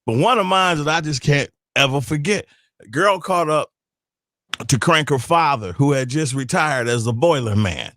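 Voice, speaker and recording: A man's voice: on the high side, animated, moderate pace, a bit bright, dry recording, clean studio sound. A man co-hosting a radio show, chatting casually and telling stories with lots of laughter. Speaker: radio co-host. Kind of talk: casual radio chat, storytelling.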